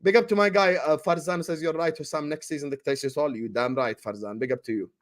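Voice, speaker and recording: Fast-talking man bantering. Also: on the high side. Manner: animated banter, slangy, switches into Arabic. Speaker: football show co-host. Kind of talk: livestream fan chat reading super chats.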